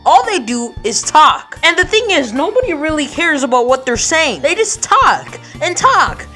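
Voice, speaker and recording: A woman voicing a boastful, pompous boy podcaster who taunts his rivals in a brash, lively way. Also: high voice, normal speed, faint music behind, exaggerated voice.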